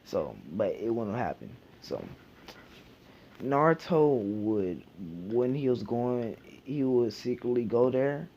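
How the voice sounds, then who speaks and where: A man's voice: mid-range voice, expressive, takes it slowly, warm tone, a little hiss or hum. A man casually retelling a fan fiction idea, rambling with many fillers and restarts. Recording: dull lo-fi home recording.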